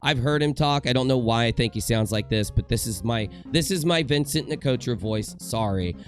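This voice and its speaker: A man's voice: mid-range voice, normal speed, soft background music. A young man giving a casual commentary rant from home in front of a green screen, joking and rambling with self-mocking asides. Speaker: commentary YouTuber.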